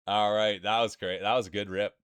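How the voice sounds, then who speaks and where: A man commentates live marble races on his stream, rambling and chatty, building hype, greeting viewers by name and bursting into laughter at wild moments. His voice is on the low side, fairly bright, clear and resonant. The recording is dry.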